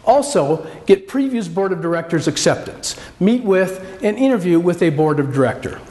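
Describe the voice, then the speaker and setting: High-voiced man presenting requirements. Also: lively intonation, normal speed, a little mellow. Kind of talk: scripted corporate presentation.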